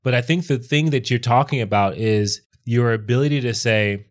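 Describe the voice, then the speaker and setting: A man's voice: medium pitch, normal speed, hardly any pauses. A man co-hosting a podcast, giving advice in casual chat and explaining his ideas with rhetorical questions. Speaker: podcast co-host.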